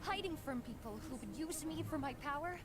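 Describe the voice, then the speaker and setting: A woman's voice: high voice, lively intonation, fairly quick. A woman voicing a spirited young princess in a game cutscene, speaking with hurt defiance. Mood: defiant. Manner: emotional, accusing, bold. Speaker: game character. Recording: music playing behind.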